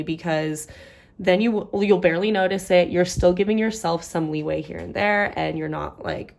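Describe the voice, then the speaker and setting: Gravelly low-voiced woman budgeting aloud. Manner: chatty, thinks aloud while doing sums. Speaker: budgeting vlogger. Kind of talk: casual budget walkthrough.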